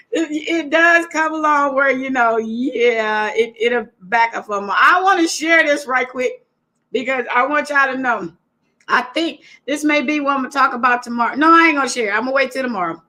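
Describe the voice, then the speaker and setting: Woman host, high and bright, animated chatty live-stream talk to viewers. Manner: animated, laughing, talks straight to viewers. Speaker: livestream talk show host. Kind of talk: casual live-stream chat.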